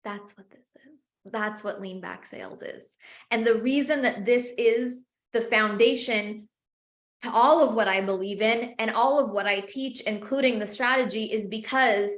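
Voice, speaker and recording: A woman with a somewhat high voice leads a sales masterclass, driving her points home with passionate, repeated phrases. Her voice rings out in an echoey room. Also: moderate pace. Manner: passionate, emphatic, repetitive phrasing. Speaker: sales coach. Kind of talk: live masterclass teaching.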